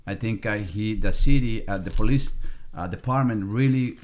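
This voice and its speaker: Halting, low-voiced man guest. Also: slight background noise. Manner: halting, with many restarts. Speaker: podcast guest, restaurant owner. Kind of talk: casual interview talk.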